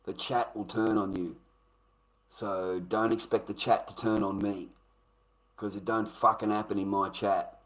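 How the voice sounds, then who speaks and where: A man's voice: fairly low pitch, flat delivery, measured pace, fairly bright tone, low-quality recording. A man ranting bluntly and profanely at his live-stream chat. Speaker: livestreamer.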